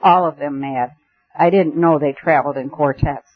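A man's voice: a little high, steady tone, normal speed, no echo, lightly acted. A man reading voices a mocking, exasperated tradesman in a story, first amused, later weary. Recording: tinny phone-like band.

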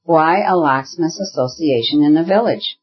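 A husky-voiced reader voicing a mild, hesitant gentleman who asks questions gently, in an audiobook. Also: medium pitch, normal speed, lo-fi sound, natural voice.

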